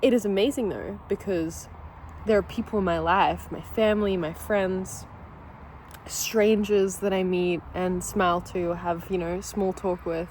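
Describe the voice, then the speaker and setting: A woman with a fairly low, darkish voice talks unhurriedly with fairly even intonation, the poor audio carrying a little hiss or hum. In a casual home vlog over breakfast with her dogs, she's candid, swears freely, and laughs through near-tears, overwhelmed by emotion.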